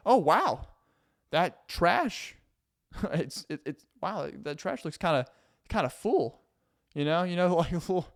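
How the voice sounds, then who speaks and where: A man's voice: fairly high pitch, lightly acted. A man voicing a passive-aggressive roommate who talks in an overly sweet, fake-casual way and hints at chores.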